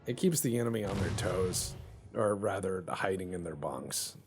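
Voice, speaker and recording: A man's voice: low voice, expressive, moderate pace, soft background music. A man casually commenting on a naval strategy game he is playing, joking and sarcastic, now and then doing silly little voices. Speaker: gameplay commentator. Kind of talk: casual let's-play commentary.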